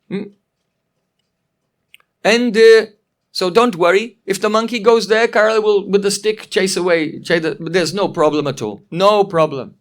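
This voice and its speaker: A man's voice: sits high, a bit bright. A man doing a boastful, scheming young woman. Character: proud scheming female companion, confident.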